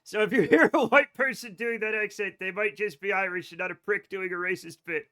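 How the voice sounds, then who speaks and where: Bright-voiced man rambling on a stream. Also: high voice, a little fast. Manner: rambling, chatty, swears freely, talks to chat. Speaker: game streamer. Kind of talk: casual live-stream chat while playing.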